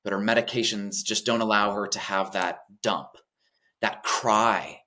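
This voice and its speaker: A man speaking as a guest in an interview about his work as a death doula, talking earnestly and gently, often pausing with fillers. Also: on the low side, fairly even intonation. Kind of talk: reflective interview talk.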